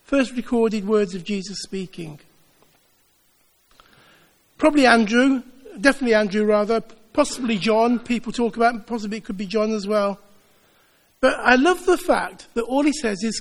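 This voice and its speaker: A man's voice: extremely high pitch, moderate pace, big-room sound. A man preaching a sermon, earnest, building his points with repeated phrases. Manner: earnest, repetitive rhetorical build-ups. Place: church.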